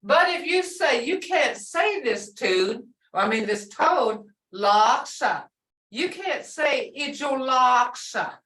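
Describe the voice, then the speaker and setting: Female language teacher, slow and patient, slightly high voice, distant roomy mic. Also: animated, bright, forceful tone. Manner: patient, explains and repeats example words slowly. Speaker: language instructor.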